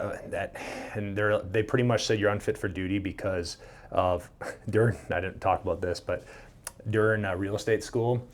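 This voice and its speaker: A man in his thirties from Minnesota, a podcast guest telling a story casually, acting out the voices and swearing freely. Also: on the low side. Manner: animated, swears freely, acts out quoted dialogue.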